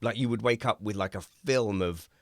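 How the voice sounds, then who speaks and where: A man hosting a casual chat, rambling through animated anecdotes and poking fun at himself. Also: fairly low pitch, moderate pace, no room sound, clean studio sound. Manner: rambling, animated storyteller who acts out quotes; self-mocking, laughs at his own stories. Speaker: host.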